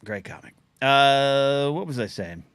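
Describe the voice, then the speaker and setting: A middle-aged man hosting a live call-in stream, chatting loosely and reading out chat names, his throat a little scratchy from shouting. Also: mid-range voice, lively intonation, clean tone, no room sound. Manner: chatty, quick asides, reads out chat names. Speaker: livestream call-in show host. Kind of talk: casual rambling live-stream talk.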